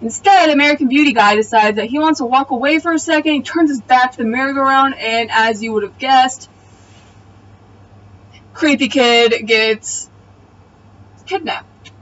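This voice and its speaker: A woman's voice: sits high, normal speed, fairly bright tone, far from the mic, muffled recording, a little hiss or hum. A woman giving a casual, blunt and profane spoken recap of a TV episode. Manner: blunt, profane, exasperated retelling. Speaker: TV episode reviewer. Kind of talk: casual video review recap.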